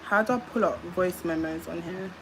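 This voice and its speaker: A woman's voice: on the low side, moderate pace, background noise. A young British woman from the UK telling a long, rambling story on a livestream, speaking into her phone and filling gaps with repeated filler sounds. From United Kingdom.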